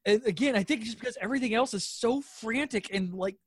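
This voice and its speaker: A woman's voice: on the high side, fairly quick, husky, dry recording, clean studio sound. A woman co-hosting a podcast, chatting casually about a TV episode, rambling and giggling with lots of "like.". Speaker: podcast co-host. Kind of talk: casual chat reviewing a TV episode.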